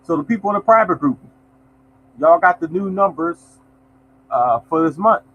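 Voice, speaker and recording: A man's voice: a little high, expressive, moderate pace, muffled recording. A man hosting a lottery numbers show, chatting loosely to viewers and reading out numbers. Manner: loose, conversational, reads out numbers, addresses viewers as y'all. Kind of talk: casual livestream chat to viewers.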